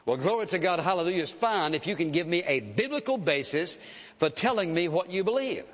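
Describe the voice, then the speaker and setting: A man's voice: sits high, expressive, brisk. Emphatic male preacher in a reverberant hall. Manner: emphatic, keeps urging "listen"; preaching with conviction and authority. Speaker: pastor. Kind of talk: sermon. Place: church sanctuary. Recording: dull sound, long hall reverb.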